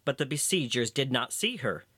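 A narrator reading a fairy tale aloud with expressive storytelling. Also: moderate pace, breathy edge, no echo. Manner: expressive storytelling, varied in pitch.

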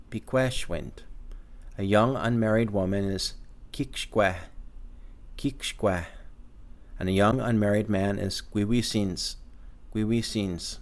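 A man giving a scripted language lesson, saying each word slowly and twice. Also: low-pitched. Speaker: language teacher.

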